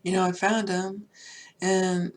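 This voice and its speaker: A woman's voice: fairly low pitch, flat delivery, takes it slowly. An older woman hosting a spiritual podcast, talking personally and heartfelt in a rambling way with many fillers. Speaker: podcast host.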